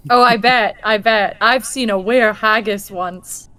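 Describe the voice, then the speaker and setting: A woman's voice: medium pitch, a little slow, sharp tone, clear, resonant tone. A woman playing a tabletop role-playing game, speaking in a playful, giggly way. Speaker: player.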